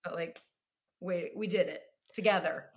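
A middle-aged woman with a slightly low voice, chatting as an interview guest. She tells stories animatedly and pokes fun at herself, breaking into laughter often. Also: fairly even intonation, moderate pace. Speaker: actress and guest. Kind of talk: casual interview storytelling.

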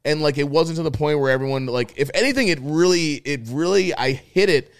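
A young man co-hosting a podcast, telling loose, profane, animated stories in casual chat. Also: on the high side, a little fast, clear, resonant tone. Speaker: podcast co-host.

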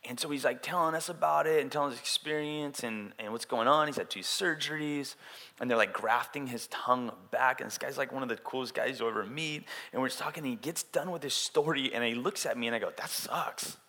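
A man preaching a sermon in a casual, animated way, acting out quotes as he tells stories. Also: medium pitch, quick pace. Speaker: pastor. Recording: long hall reverb.

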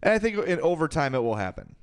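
A man, co-hosting a casual sports podcast and getting loud and indignant as he argues. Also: fast, clear, resonant tone, no room sound, studio quality. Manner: animated, ranting, jumps up in pitch when indignant. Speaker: podcast co-host.

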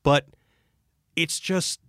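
A man's voice: extremely slow, fairly bright tone, no echo, clean studio sound. A man co-hosting a podcast, asking thoughtful questions about films in casual talk. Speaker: podcast co-host. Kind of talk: casual film discussion.

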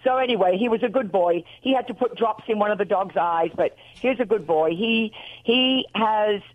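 An excitable, chatty woman with an Australian accent, talking as a guest caller on a radio show. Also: medium pitch, moderate pace, narrow, tinny audio. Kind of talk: casual phone chat.

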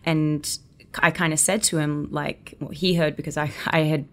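A woman's voice: sits low, flat delivery, moderate pace. A woman in her twenties with an Australian accent, chatting as an actress guest in an interview and telling stories with acted-out quotes. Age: 20s. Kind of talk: casual interview chat.

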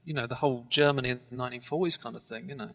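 A man's voice: medium pitch, steady tone, very fast, gravelly, fairly bright tone, no room sound. A man co-hosting a podcast, chatting casually as a keen fan with a rambling, laughing manner. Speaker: podcast co-host.

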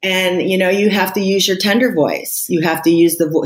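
A woman with a notably low voice speaks as a podcast guest. She sounds candid and reflective, and she leans into key words with emphasis. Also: flat delivery, normal speed, hardly any pauses. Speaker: interview guest. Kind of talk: podcast conversation.

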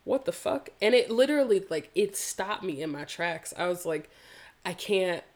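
A woman's voice: fairly low pitch, expressive, moderate pace. A woman from the American South, telling a personal story in an interview, earnest and reflective, with casual swearing. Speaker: yoga practitioner guest.

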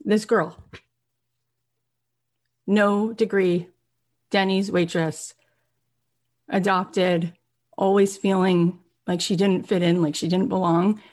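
A woman's voice: mid-range voice, flat delivery, slow pace, long pauses, a little mellow. A woman telling an inspiring story as a motivational speaker, acting out the people in it and rising to pleading peaks. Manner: acts out quoted voices, rising and pleading at emotional peaks.

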